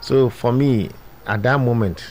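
A man's voice: medium pitch, a little mellow, slight background noise. A man speaking as a guest commentator on a talk show, giving firm opinions with proverbs. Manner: deliberate, sermon-like pronouncements with proverbs. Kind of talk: studio discussion.

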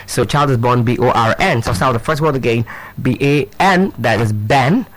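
A man leading a live pronunciation drill for teachers, spelling words out letter by letter and talking to the audience with lots of fillers and repeats. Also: mid-range voice. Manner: drawn-out, instructive, many fillers and repeats; addresses audience directly, rhetorical questions.

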